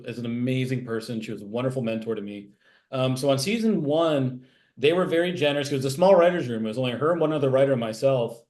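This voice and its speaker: A man's voice: medium pitch, darkish tone. A man being interviewed about his writing work, talking in a rambling way, full of fillers and restarts. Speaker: TV animation writer, interview guest. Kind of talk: casual interview chat.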